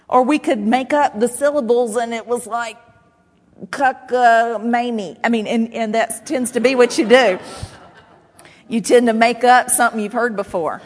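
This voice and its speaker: A woman's voice: on the high side, moderate pace. Woman preaching in a reverberant church. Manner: conversational, animated preaching with made-up syllables. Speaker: pastor. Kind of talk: sermon. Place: church sanctuary. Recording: long hall reverb.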